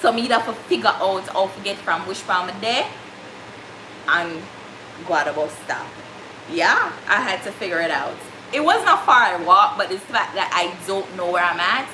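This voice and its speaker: A young Jamaican woman vlogger with a Jamaican accent tells a story in casual chat, slipping into patois. Her mid-range voice has lively intonation at a normal speed. The room is echoey, with faint background noise.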